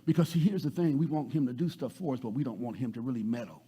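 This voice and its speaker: A man pastor preaching a sermon, repeating words and swinging from loud to soft. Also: mid-range voice, quick pace, slightly rough.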